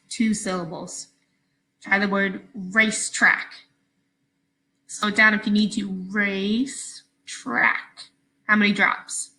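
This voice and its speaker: In a rough recording, a woman teaches small kids phonics, taking her time and patiently enunciating each word sound by sound. She has a clear, bright tone and a medium female pitch.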